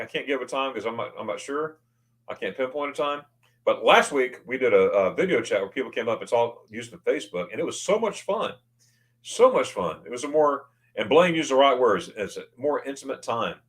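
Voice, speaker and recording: A man hosting a casual livestream from his own desk mic, chatting loosely and reading viewer comments aloud. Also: mid-range voice. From United States. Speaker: livestream host. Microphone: new desk microphone.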